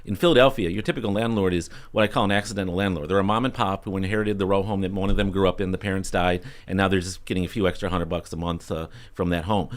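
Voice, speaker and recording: Male radio guest, fast and explanatory, low voice. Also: fairly even intonation. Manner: brisk, explanatory, opinionated. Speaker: guest expert. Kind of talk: radio discussion.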